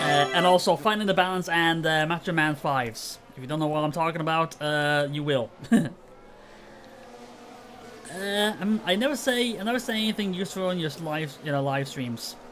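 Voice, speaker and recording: On a late-night live stream, a tired man from Northern Ireland chats casually in a voice on the high side, at normal speed but with long pauses. His tone is a bit bright, soft music plays behind him, and he rambles, pokes fun at himself, and chuckles often.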